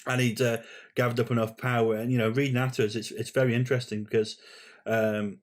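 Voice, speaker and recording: Co-host: man, mid-pitched, thoughtful, hesitant film chat. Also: level tone, fast. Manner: thoughtful, hesitant with many ums. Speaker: podcast co-host. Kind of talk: casual film review chat.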